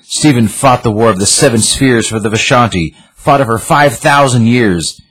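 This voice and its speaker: A man voicing a proud, regal sorceress who speaks in a lofty, mocking, measured way while reading out comic dialogue. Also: mid-range voice, fairly bright tone, breathy edge, pitched above the performer's own voice, rough recording. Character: regal sorceress woman, calm, cutting and proud.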